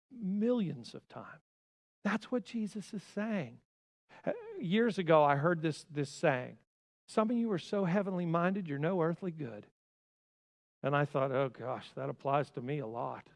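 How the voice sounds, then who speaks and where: Male pastor mid-sermon, a touch high-pitched, swings from emphatic to hushed, reverberant church sound. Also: lively intonation, a little slow, gravelly. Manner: dramatic swings from loud emphasis to hushed asides. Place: church sanctuary.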